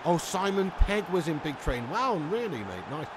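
Man streaming, casual banter, swearing, slightly high voice, noisy background. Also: very animated, moderate pace. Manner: swearing, laughing, rambling banter with chat. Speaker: streamer reading chat. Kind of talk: casual live-stream chat.

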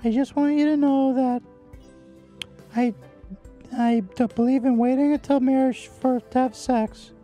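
A man's voice: very high voice, steady tone, warm tone, soft background music, pitched above the performer's own voice. A man doing an earnest Australian dating-show girl. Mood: mock-sincere. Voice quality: shaky put-on Australian accent. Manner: solemn and sincere, with halting restarts. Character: young female dating-show contestant, earnest, odd Australian accent. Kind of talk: comic improvised role-play.

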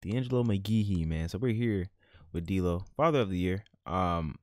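A man hosting a casual let's-play of a life-sim game, talking in animated slang and laughing at his own jokes. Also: deep voice, moderate pace, no echo. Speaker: gaming channel host.

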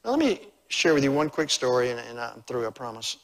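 Forceful, emphatic man preaching a revival sermon. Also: medium pitch, sing-song, brisk. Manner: emphatic, swinging from loud exclamations to hushed appeals. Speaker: evangelist preacher. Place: church sanctuary.

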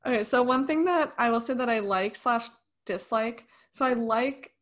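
A young woman co-hosting a podcast, reviewing a film in casual, animated talk with opinionated and sarcastic asides. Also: a little high, normal speed. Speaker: podcast co-host.

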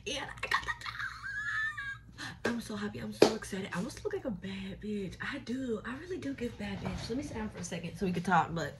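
A woman's voice: medium pitch, animated, fast talker, few pauses, heavy background noise. A young woman chatting casually to camera in her vlog, talking straight to her viewers and now and then dropping into a whisper. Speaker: vlogger. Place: home and club dressing room.

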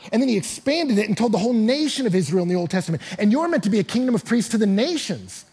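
Pastor, male, animated storytelling sermon delivery, raspy tone. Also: high voice, fast talker. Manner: animated, storytelling preacher who often laughs.

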